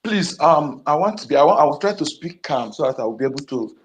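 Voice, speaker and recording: A man's voice: a little high, lively intonation, quick pace, dull audio. A man with a Nigerian Igbo accent speaking in an online discussion, emphatic and repetitive, with frequent restarts. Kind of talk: impassioned political talk.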